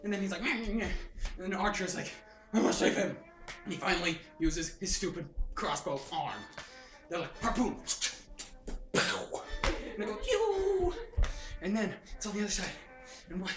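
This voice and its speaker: A hyper young man retelling a movie in a casual, excited way, laughing and making sound effects, filmed on his sister's phone. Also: high-pitched, a little fast. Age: young adult. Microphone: phone held by his sister. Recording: roomy and far from the phone, with music.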